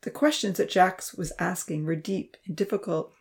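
A woman narrating a novel in a steady, measured reading voice. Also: lowish voice, creaky. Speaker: audiobook narrator. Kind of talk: scripted narration.

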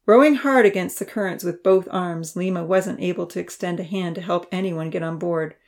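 A woman narrating a children's storybook, voicing the characters with a higher pitch and dropping to a whisper for quiet thoughts. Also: brisk. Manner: reads characters' lines with raised pitch and soft whispers.

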